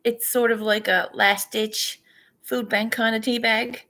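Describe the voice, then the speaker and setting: Casual woman vlogger, slow laid-back delivery, salty and chatty. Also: fairly high pitch, little pitch movement, pushed and bright. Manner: chatty, swearing, laughs often. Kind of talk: casual morning chat.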